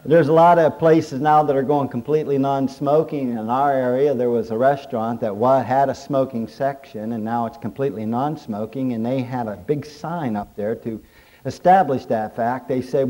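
Folksy joking preacher, mellow voice. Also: male voice, mid-range voice, normal speed. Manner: folksy storytelling with jokes and chuckles. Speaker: pastor. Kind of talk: humorous sermon.

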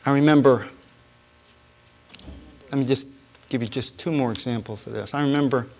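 A man preaching a personal testimony, telling his story and asking the congregation questions, shifting between hushed and emotional passages. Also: mid-range voice, poor audio. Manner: storytelling, asks the audience questions; swings from quiet to loud and emotional. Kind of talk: sermon testimony.

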